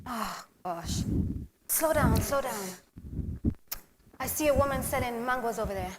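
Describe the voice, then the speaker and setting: A woman's voice: a little high, lively intonation, a little slow, big-room sound, background noise. A woman with a British accent playing a complaining, easily alarmed woman back home from England in a comedy skit. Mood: fussy.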